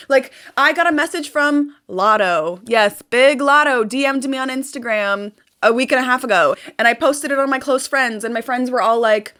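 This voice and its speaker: A young woman vlogging about manifestation, talking in an emphatic, animated way and repeating herself for effect. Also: high voice, moderate pace, hardly any pauses. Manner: animated, emphatic, repetitive, swears casually. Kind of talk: casual motivational vlog.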